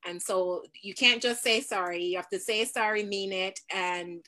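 Bright-voiced mom hosting a livestream, talks fast and laughs lots. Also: female voice, mid-range voice. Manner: animated, laughs often, warm parental tone. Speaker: host. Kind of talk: live stream discussion.

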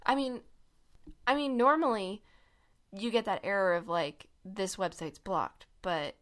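A woman's voice: mid-range voice, measured pace. A young woman hosting a casual podcast chat, explaining a conspiracy story with lots of fillers and laughs. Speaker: podcast co-host.

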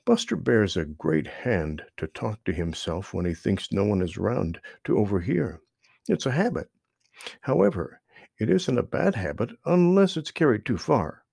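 A man reading a children's animal story aloud in an expressive storytelling voice. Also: low-pitched, creaky, breathy edge, no echo, clean studio sound.

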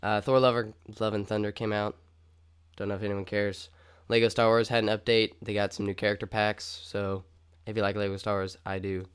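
A man's voice: on the low side, little pitch movement, a little fast, clean tone. A young man co-hosting a casual podcast, chatty and upbeat, rambling with lots of fillers. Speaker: podcast co-host.

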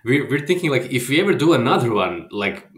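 Man from Croatia, filmmaker guest; hesitant casual chat, mid-pitch voice, reverberant room. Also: big pitch swings, brisk. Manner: hesitant, restarts often, trails off softly.

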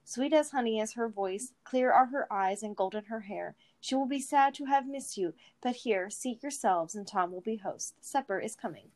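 A woman's voice: on the high side, normal speed, few pauses, lightly acted. A woman voicing a merry old male forest spirit who plays host, with a sing-song, old-fashioned, kindly way of talking. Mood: merry, gentle.

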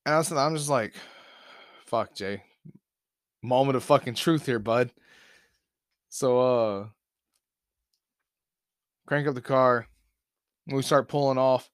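A young man from Alabama, hosting a podcast and telling a profanity-laced story in a loose, animated way. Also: medium pitch, slow pace, pauses often, smooth, no echo, clean studio sound. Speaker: podcast host. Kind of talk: casual storytelling.

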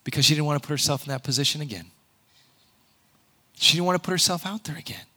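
Male pastor, sermon, bright voice, slightly high pitch, conversational, emphatic. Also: lively intonation, fast talker, slightly rough. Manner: conversational, earnest, with sudden loud emphatic peaks.

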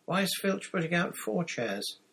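A man's voice: high voice, very animated, moderate pace, creaky, a bit bright, voice pushed up, heavily acted. A man as a plain-spoken teenage boy. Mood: puzzled.

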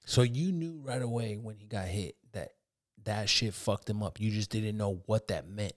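A man's voice: on the low side, normal speed, dry recording, clean studio sound. A man hosting a podcast, chatting casually, slangy and sweary as he reacts to his guest.

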